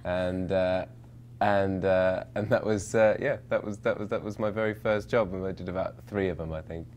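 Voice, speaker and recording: A young actor with a notably low voice, chatting through interview questions. He rambles, restarts his sentences and pokes fun at himself, with plenty of fillers along the way. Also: fairly even intonation, normal speed, a little mellow, a little hiss or hum. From England, London. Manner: rambling, self-mocking, many fillers and restarts. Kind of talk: casual interview answers.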